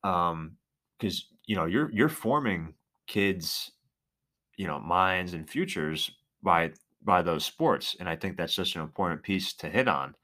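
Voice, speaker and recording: A man with a very deep voice and a lively, swinging pitch chats casually on a podcast. He is laid-back and laughs easily, then slows into thoughtful musing. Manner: laid-back listener, laughs often, reflective. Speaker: podcast co-host. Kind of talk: casual chat.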